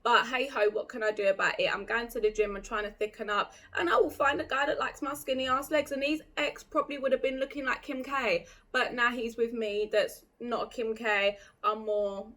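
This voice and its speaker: A woman's voice: a little high, fairly even intonation, fairly quick, hardly any pauses, fairly bright tone. A young woman vlogging in a blunt, chatty, opinionated way, full of "like". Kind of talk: casual chat to camera.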